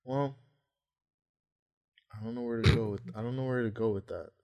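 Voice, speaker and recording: A man's voice: mid-range voice, fairly even intonation, moderate pace, a little mellow. Heated, profane young man ranting. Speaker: podcast co-host. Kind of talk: casual chat.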